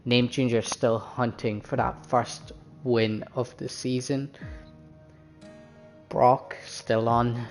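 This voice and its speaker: A man's voice: medium pitch, little pitch movement, slow pace, faint music behind. A man hosting a sim racing league stream on his own, chatting casually with viewers and drivers before the race.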